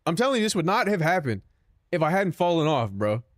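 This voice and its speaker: A young streamer talks casually with viewers, cracking jokes, cursing and making fun of himself. His slightly high voice swings widely in pitch and moves fairly quickly. The audio is studio quality, with no room sound.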